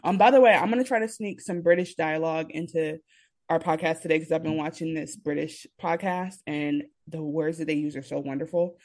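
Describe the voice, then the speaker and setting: A woman's voice: low voice, fairly quick. A young woman from the United States co-hosting a casual podcast, talking candidly and swearing freely. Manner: candid, profane, animated when quoting others. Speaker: podcast co-host.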